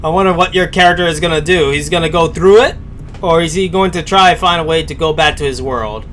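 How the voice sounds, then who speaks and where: A man talks through a live stream in a loose, hesitant ramble, full of fillers and restarts. His voice sits a little high. A faint low rumble hums underneath. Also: quick pace, fairly bright tone. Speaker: streamer reacting to a story. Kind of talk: casual live-stream commentary.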